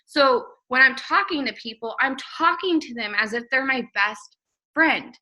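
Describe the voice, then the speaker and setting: A young woman with a very bright, sharp voice leads a live training session. She is blunt and emphatic, stacking repeated phrases to drive her points home, and her pitch sits a little high. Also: expressive, moderate pace, poor audio. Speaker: network marketing trainer. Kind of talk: live training talk to viewers.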